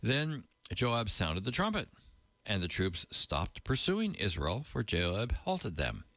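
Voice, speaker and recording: A man's voice: lowish voice, wildly swooping pitch, slow, a bit bright, no echo. A man teaching from the Bible, reading passages aloud and adding plain, casual comments. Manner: reads scripture aloud, then adds plain casual asides.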